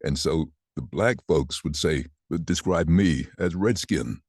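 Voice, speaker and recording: Brief: man, 60s, extremely low husky voice, dry close mic, animated storyteller who mimics others. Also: a little slow, no echo. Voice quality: deep voice. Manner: animated, acts out quoted voices. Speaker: voice actor guest. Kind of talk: casual interview storytelling.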